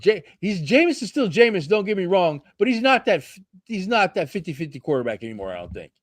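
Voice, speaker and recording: A man hosting a sports talk show, talking casually with friends. His pitch swings widely and he curses often. The sound is close and dry, with almost no room in it. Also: quick pace, no echo. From Seattle area. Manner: animated, swears freely, loose banter. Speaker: podcast host.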